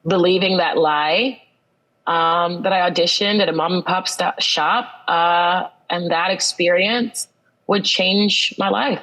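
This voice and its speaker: A woman in her thirties tells her own story with an earnest, reflective pull, circling back to key phrases to drive them home. Her voice sits a little low for a woman. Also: a bit bright, rough recording. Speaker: guest. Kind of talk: personal storytelling in an interview.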